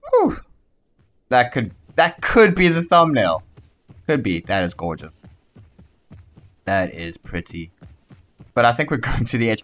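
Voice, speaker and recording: A young man with a South African accent talks through his gameplay in a casual, excitable way. He swears freely and slips into heated rants, in a voice of ordinary middle pitch for a man. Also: normal speed, long pauses. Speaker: gaming YouTuber.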